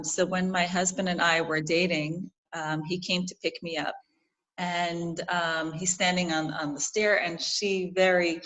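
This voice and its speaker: Brooklyn woman, New York accent, lowish voice, animated storyteller, guest interview. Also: poor audio. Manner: animated storytelling, frequent restarts. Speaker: guest, jewelry designer. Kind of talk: casual interview.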